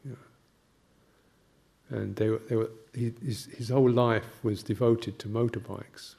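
An older man, a Buddhist monk, giving a gentle, halting reflective talk with anecdotes and soft laughs. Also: mid-range voice, steady tone, gravelly, breathy edge.

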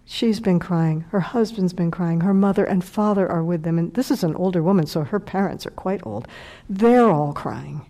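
A woman's voice: fairly low pitch, normal speed, warm tone. A middle-aged woman, a meditation teacher, telling a heartfelt personal story in a dharma talk and sometimes dropping to a whisper.

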